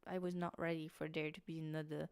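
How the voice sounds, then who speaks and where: A woman's voice: sits low, flat delivery, fast talker, gravelly, a little mellow, clear, resonant tone, no echo, studio quality. Sleepy rambling woman with British-tinged English. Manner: rambling, restarts, many fillers. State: sleepy, tired. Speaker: streamer. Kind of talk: casual late-night livestream chat.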